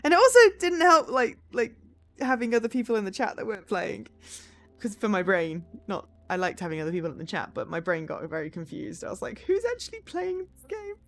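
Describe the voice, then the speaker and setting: A woman's voice: mid-range voice, a little fast, fairly bright tone. A woman streamer reading game narration aloud and chatting with her viewers in a chatty, self-deprecating way.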